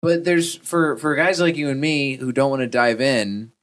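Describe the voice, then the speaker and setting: A man's voice: medium pitch, steady tone, moderate pace, a bit bright. A man from Texas hosting a podcast, chatting casually in a jokey, rambling way with many restarts. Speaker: podcast host. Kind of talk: casual chat.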